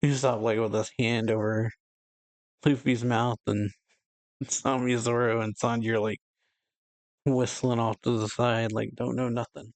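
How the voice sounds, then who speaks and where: A man's voice: medium pitch, little pitch movement, a little slow, long pauses, dry recording. A man hosting a reaction channel, casually reading and retelling a comic chapter, laughing often and paraphrasing loosely. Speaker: manga reaction host.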